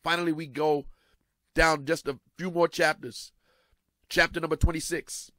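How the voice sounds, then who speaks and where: Dramatic preacher with a slightly high voice. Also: male voice, level tone, normal speed, no room sound. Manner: dramatic, repeats phrases, swings from hushed to loud. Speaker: pastor. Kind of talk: sermon.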